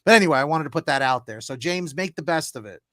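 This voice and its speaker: A young man hosting a casual tarot livestream, telling animated stories with big swings in pitch and volume. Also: fast talker, dry recording, studio quality. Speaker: tarot reader, stream host.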